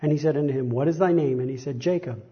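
A man's voice: mid-range voice, quick pace, lo-fi sound. A man preaching a sermon, reading Bible verses aloud with rising emphasis and frequent self-correcting repetitions.

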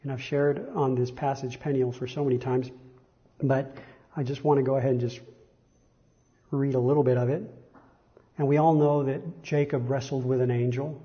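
A man's voice: medium pitch, flat delivery, moderate pace, long pauses, dull audio. A man preaching a sermon, reading Bible verses aloud with rising emphasis and frequent self-correcting repetitions.

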